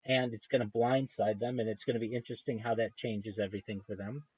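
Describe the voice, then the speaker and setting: A man's voice: lowish voice, fairly even intonation, quick pace, darkish tone, slightly rough, no echo, muffled recording. A man hosting a livestream in casual rambling chat, meandering and interrupting himself with eager enthusiasm. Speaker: livestream host.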